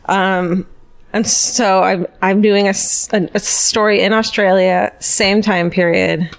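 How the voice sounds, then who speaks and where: Lady podcaster, casual and chatty, drops f-bombs all over, mid pitch. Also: slow pace. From United States. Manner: swears freely, chatty and animated. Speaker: podcast co-host. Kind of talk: casual chat, storytelling.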